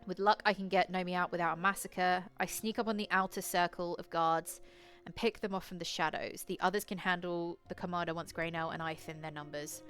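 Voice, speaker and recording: A woman's voice: lowish voice, steady tone, fairly quick, few pauses, fairly bright tone, faint music behind. A woman reading aloud and playing a solo tabletop horror adventure, casual and swearing, laughing at herself. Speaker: solo tabletop game player and narrator.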